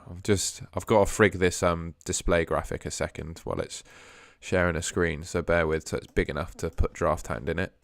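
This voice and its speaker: A young man talks through a casual live stream, mulling things over aloud as he fiddles with his setup. His voice sits low, and the sound is dry and close to the mic. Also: fairly even intonation, normal speed, vocal fry, hardly any pauses, no echo. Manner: chatty, thinks aloud while fiddling with screens. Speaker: host.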